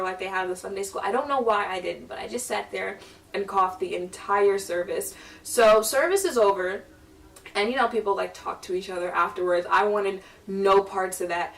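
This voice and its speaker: A young woman telling a funny personal story to the camera in a casual, animated way, acting out what people said to her. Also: mid-range voice. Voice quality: animated, chatty, quotes people in playful voices. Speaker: vlogger. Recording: mic a little far off.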